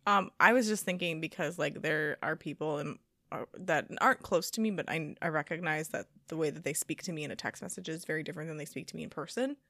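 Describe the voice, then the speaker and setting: A woman's voice: low voice, sharp tone, no echo, studio quality. Chatty young woman co-hosting a podcast. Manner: chatty and teasing, quick to react. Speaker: podcast co-host. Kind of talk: casual chat.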